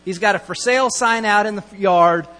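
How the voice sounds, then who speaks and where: A man's voice: sits high, moderate pace, bright, forceful tone. A middle-aged man pastor giving a conversational, storytelling sermon and acting out quoted lines. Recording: long hall reverb, mains hum.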